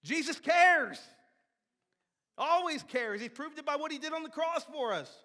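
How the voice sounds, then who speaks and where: A man preaching a sermon as pastor, animated, with sudden shouts and soft drops, often repeating and restarting words. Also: very high-pitched, unhurried. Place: church sanctuary. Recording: long hall reverb of a church sanctuary.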